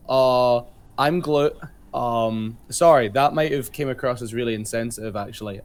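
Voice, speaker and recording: A man's voice: mid-range voice, moderate pace. A man playing a tabletop role-playing game, speaking in character in a gushing, flustered and eager way. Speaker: player.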